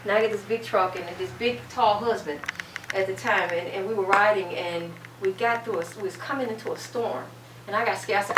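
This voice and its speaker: Brisk and mid-range, this middle-aged woman's voice carries a preacher-style testimony about surviving cancer, given as a panel guest who repeats lines for impact. The sound is echoey and distant, with a faint hum.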